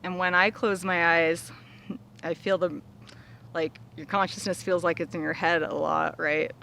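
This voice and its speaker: A woman hosting a vlog, giving a casual, chatty self-help talk, often saying "like" and laughing softly. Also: lowish voice, fairly even intonation, unhurried, creaky, a little hiss or hum. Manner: chatty, heavy use of "like", soft laughs. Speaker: vlog host.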